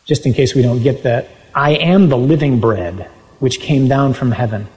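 A man's voice: medium pitch, normal speed, darkish tone, poor audio. A man preaching a sermon, reading scripture aloud and driving his points home with sudden emphatic rises. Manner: reads scripture aloud with emphatic, rising exclamations.

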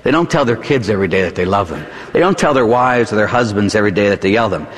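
A middle-aged Catholic priest with a Pittsburgh accent preaches an evening sermon, his voice leaping up and dropping low as he drives each point home. He tosses in folksy asides, and the sound rings with the long reverb of a church hall. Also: fast talker. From Pittsburgh, USA. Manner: animated, dramatic pitch swings, folksy asides.

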